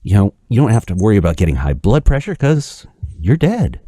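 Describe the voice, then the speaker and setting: A man voicing a smug male Satan who pitches the pleasures of hell in a breezy salesman way while telling a joke. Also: sing-song, a little fast, warm tone, dry recording, clean studio sound. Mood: smug pitching.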